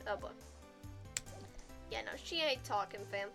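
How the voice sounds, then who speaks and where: A woman's voice: medium pitch, expressive, a little slow, gravelly. A woman streamer reading game dialogue aloud in a casual, playful way, with hesitant fillers. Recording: game music behind.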